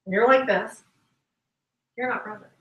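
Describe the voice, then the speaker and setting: A woman's voice: a little high, moderate pace, muffled recording. A woman giving a motivational talk to a business group, telling stories and acting out the conversations she describes. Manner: animated storytelling, acts out quoted conversations. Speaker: guest speaker and sales trainer. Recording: echoey room, voice from a distance.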